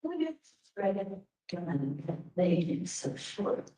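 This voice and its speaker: A woman interviewer asking slow, probing, halting questions on a recording. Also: medium pitch, sing-song, dark tone. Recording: distant mic in an echoey room.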